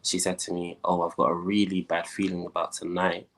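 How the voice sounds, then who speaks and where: A young man, a guest, telling his life story in a lively way and acting out the voices of the people in it. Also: low-pitched, a little fast. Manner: animated storyteller, acts out quoted voices.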